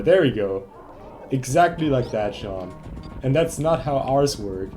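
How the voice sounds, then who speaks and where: A man's voice: medium pitch, lively intonation, unhurried, mellow, faint music behind. A young German man streaming a game, chatting casually in English with a German accent, ranting and swearing in exasperation. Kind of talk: casual live-stream chat.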